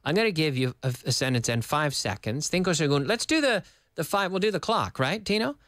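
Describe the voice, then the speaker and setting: Animated male teacher, lively pitch. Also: a little fast, dry recording, studio quality. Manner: animated, playful, switches between English and Spanish. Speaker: English teacher. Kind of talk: lively TV English lesson.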